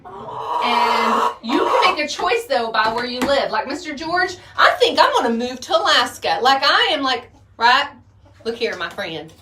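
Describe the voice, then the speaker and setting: Chickens and a rooster fill the noisy background as a woman chats to camera beside a chicken coop, doing outdoor chores. This homesteader and vlogger has a high, sing-song voice, takes her time speaking, and laughs a lot.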